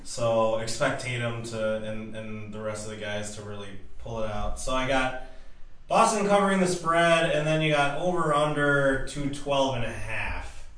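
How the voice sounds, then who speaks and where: A man's voice: medium pitch, normal speed, fairly bright tone. A man on a casual sports podcast giving betting picks in a playful, hyped-up way. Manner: playful, hypes his picks. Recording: echoey room, voice far from mic.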